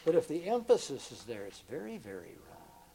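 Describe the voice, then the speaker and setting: Emphatic older man preaching, lively pitch. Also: moderate pace, creaky, slightly rough, low-quality recording. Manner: earnest, emphatic, repeats words, swings between loud and hushed. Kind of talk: sermon.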